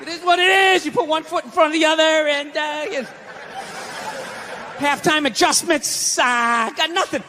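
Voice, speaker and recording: Middle-aged male stand-up; punchy sardonic rants, high and bright. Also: moderate pace, some chatter behind, a little hiss or hum. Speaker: stand-up comedian. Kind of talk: stand-up comedy.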